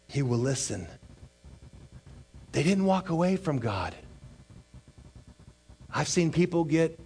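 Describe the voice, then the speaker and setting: Man, pastor, sermon, high voice, emphatic preaching, repeats key lines. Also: husky.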